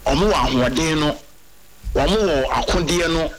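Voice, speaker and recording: A man's voice: a little high, normal speed, rough recording. A man with a Ghanaian accent calling into a radio show, mixing English and Twi and telling a preachy story to make his point. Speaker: caller. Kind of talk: call-in opinion over phone.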